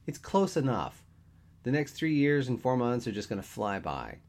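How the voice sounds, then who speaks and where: A man's voice: medium pitch, sing-song, moderate pace, darkish tone, voice pushed up. A man voicing a self-pitying, theatrical man of thirty who complains in an overdramatic way in a storybook reading. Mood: worked up.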